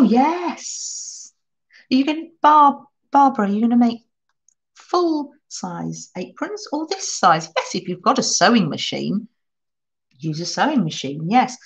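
A woman hosting a live crafting stream, chatting warmly with viewers and answering their comments as she works. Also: fairly high pitch, highs cut off. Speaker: crafting channel host.

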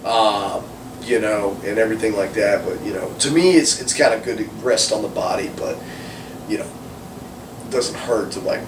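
A male wrestler chatting casually in an interview, animated and swearing freely. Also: lowish voice, normal speed. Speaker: professional wrestler guest. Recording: roomy, distant mic with background noise.

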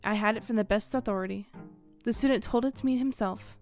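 A man's voice: high voice, quick pace, soft background music. A woman voicing an older male storyteller in a spoken horror story, assured and matter-of-fact. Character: older gentleman storyteller, calm and certain.

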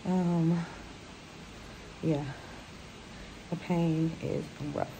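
Breathless, gravelly woman, worn out. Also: fairly low pitch, steady tone. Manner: quiet, tired, talking slowly. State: out of breath, sore throat after surgery. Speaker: vlogger. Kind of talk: casual video diary. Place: hospital room. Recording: noisy background hiss.

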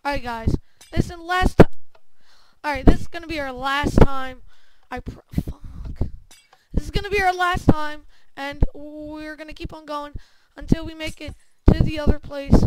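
A woman's voice: high voice, steady tone, normal speed. A woman doing gameplay commentary, cursing a lot and stammering through restarts in frustration. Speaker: gamer. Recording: loud background noise with clicks.

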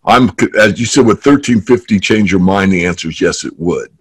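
Low husky male guest, trader, lively storyteller who tells jokes. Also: a little fast. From San Francisco Bay Area. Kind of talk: casual interview talk.

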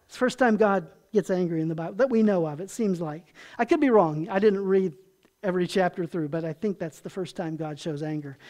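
A pastor preaches at a moderate pace in a folksy, talk-to-you style, quizzing the congregation and softening to a low voice on the tender parts.

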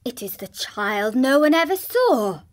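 A tired, troubled army officer, read by a woman exclaims in dismay, his lines lifted higher and louder than the narration. The voice sounds synthetic and moves at a slow storybook pace. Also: animated. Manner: startled, exclaiming.

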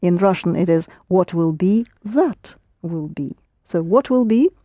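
A woman's voice: on the low side, animated, measured pace, warm tone, no room sound. Patient woman teaching a language lesson. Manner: patient, explains step by step, prompts and corrects.

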